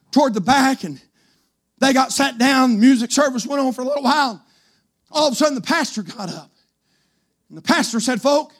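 A male pastor preaching a fiery revival sermon, shouting his points and dropping to a hushed voice for stories. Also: very high-pitched. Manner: shouting, swinging from loud to hushed storytelling.

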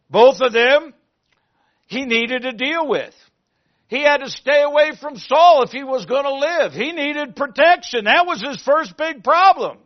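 A male pastor preaching a sermon, asking the congregation questions and moving between loud emphasis and quiet asides. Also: extremely high pitch, lo-fi sound.

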